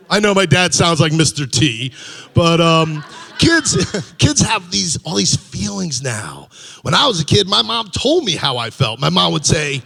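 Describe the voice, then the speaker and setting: High, gravelly middle-aged comic on stage. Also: male voice, sing-song, moderate pace, bright, forceful tone. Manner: chuckles at his own punchlines, loose and rambling delivery. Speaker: stand-up comedian. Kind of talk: stand-up comedy set.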